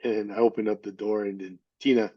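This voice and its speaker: Middle-aged man, halting earnest storytelling. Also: on the low side, level tone, husky. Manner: halting, restarts and repeats words; candid and earnest. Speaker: interview guest. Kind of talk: casual personal storytelling. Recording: slightly dull lo-fi audio.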